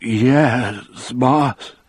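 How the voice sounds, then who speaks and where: A man voicing a huge, gentle male prisoner who is frightened and sorrowful, with speech and slow, trembling, halting words. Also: mid-range voice, breathy edge, no echo, voice pushed up.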